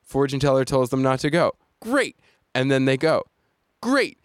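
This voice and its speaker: A man's voice: medium pitch, flat delivery, quick pace, clean tone, dry recording, studio quality. A man guesting on a podcast, chatty and sarcastic, laughing often as he talks. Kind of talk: casual chat.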